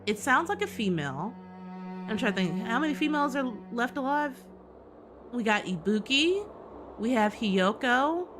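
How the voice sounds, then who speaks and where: A woman's voice: fairly high pitch, sing-song, moderate pace. A woman doing casual let's-play commentary, slangy and swearing, laughing often and talking back to the characters on screen. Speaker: gaming streamer. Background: game music.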